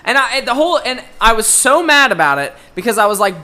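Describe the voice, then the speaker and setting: A young podcast co-host with a bright, sharp-edged voice tells a story as a casual rant. He swears constantly and sounds exasperated throughout. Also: very high-pitched, big pitch swings, quick pace, few pauses. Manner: profane, exasperated ranting. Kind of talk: casual chat, ranting story.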